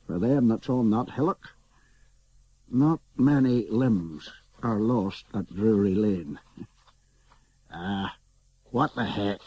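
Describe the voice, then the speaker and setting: An actor playing a wry, chuckling common soldier who mocks the officers watching the battle in a radio drama. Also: male voice, lowish voice, slow, long pauses, dark tone, breathy edge, dull audio.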